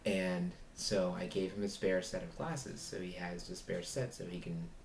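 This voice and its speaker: Low-voiced guy rambling through a story on his vlog, roomy echo, little bit of background hiss. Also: moderate pace, vocal fry. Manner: rambling retelling, acting out both sides of a dialogue. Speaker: foster parent and vlogger.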